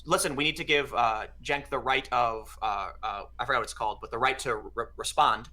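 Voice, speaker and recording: A man with a bright, forceful voice rattles through a story at a quick clip, acting out each exchange as he goes. The talk is loose and conversational. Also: mid-range voice. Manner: fast, animated anecdote-telling with quoted exchanges. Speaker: podcast guest. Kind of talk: casual storytelling chat.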